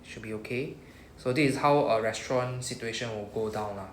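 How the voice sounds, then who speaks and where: A man's voice: fairly low pitch, fairly quick. A man with a Singaporean English accent teaching a language class, explaining patiently step by step and modelling words for students to repeat. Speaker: Japanese teacher. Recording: echoey room with faint noise.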